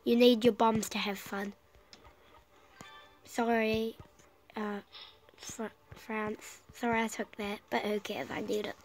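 A woman's voice: mid-range voice, little pitch movement, slow pace, long pauses, darkish tone, soft background music, rough recording. A woman with a cough, casually commenting on her own strategy game play and rambling to herself with many fillers. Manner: rambling, self-talking, trailing off with fillers. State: sick with a cough. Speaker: gameplay commentator.

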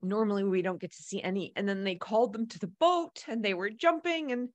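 A woman telling a personal travel story in a casual, animated way, laughing often and acting out the dialogue. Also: mid-range voice, fairly quick, no echo.

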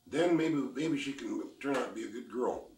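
An older man voicing a stern old grandfather who speaks low and firm. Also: animated, normal speed, a little mellow, natural voice. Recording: roomy, mic at a distance.

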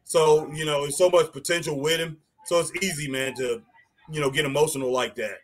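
A man's voice: a little high, steady tone, brisk. A man co-hosting a live wrestling watch-along, reading viewer comments and exclaiming at the action.

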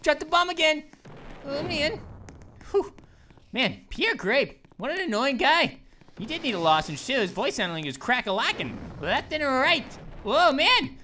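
A woman voicing an excitable, goofy cartoon grape who gives let's-play commentary as a gaming channel host. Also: sits high, unhurried, slight background noise, exaggerated voice. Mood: excited. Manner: excitable, exclaims and laughs, cartoonish.

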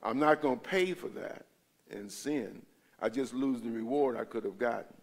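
Male pastor, gravelly fry in the voice, relaxed conversational Bible-study delivery that keeps checking in with the room. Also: mid-range voice, moderate pace. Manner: conversational, often checks in with the listeners. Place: church.

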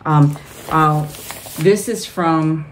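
A woman with a low-pitched voice opens mail on camera and gushes to her viewers. She talks in an excited, casual way. A faint hum of room noise sits behind her. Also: drawn-out words. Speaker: vlogger. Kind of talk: casual mail-opening vlog.

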